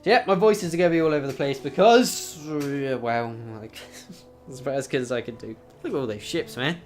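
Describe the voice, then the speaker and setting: A man's voice: a little high, moderate pace, a little mellow, soft background music. A man hosting a game video, reading dialogue aloud with jokey asides and self-mocking laughs. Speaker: gaming video host.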